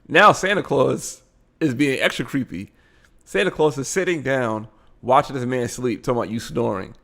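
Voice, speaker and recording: A man's voice: mid-range voice, moderate pace, creaky. A man hosting a live show, giving blunt, casual commentary on a video he is watching. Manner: animated, blunt, frequent laughing asides.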